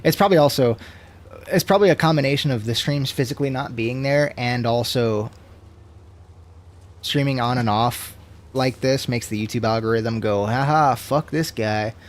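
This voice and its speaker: A man in his twenties chatting casually to his stream, tipsy, swearing a lot and swinging between loud rants and low mumbles. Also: normal speed. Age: 20s. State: tipsy from drinking.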